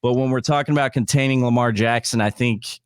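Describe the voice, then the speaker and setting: A man's voice: mid-range voice, steady tone, fast, smooth, dry recording, studio quality. A man talking as a guest on a casual sports podcast, enthusiastic, with stammering restarts.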